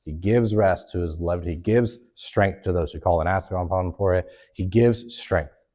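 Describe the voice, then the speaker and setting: A man's voice: deep voice, normal speed, warm tone. A man teaching a Sunday school lesson in an earnest, conversational way. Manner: earnest, conversational, acts out quoted complaints.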